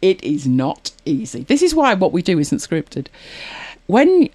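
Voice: mid-range voice, wildly swooping pitch, a little slow, darkish tone. A podcast co-host chatting casually, rambling along with many fillers and restarts. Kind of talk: casual chat about audiobooks.

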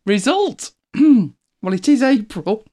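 Host, casual chat to viewers, animated pitch, chatty and self-correcting. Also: slow. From United Kingdom. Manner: chatty, rambling, self-correcting, laughs often. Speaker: livestream host.

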